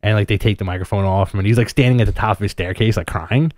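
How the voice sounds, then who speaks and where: A man with a lowish voice co-hosts a casual comics podcast, drifting through long stories full of "like" and "you know." He is from New York and sounds close to the mic in a dry room. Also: fast talker, a little mellow, no room sound. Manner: rambling, filler-heavy storytelling. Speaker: podcast co-host. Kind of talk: casual chat.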